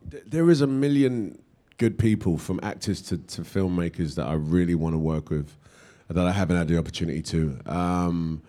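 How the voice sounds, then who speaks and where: A low-pitched British man in middle age answers questions from an audience. He talks in a loose, rambling way, full of restarts and fillers. He sounds easygoing and unhurried. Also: warm tone. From England. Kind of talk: casual Q&A answers.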